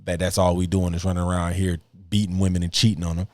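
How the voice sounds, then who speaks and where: A man's voice: low-pitched, level tone, fast, no room sound. A man hosting a podcast, reacting to clips in blunt, profane casual commentary and laughing mockingly.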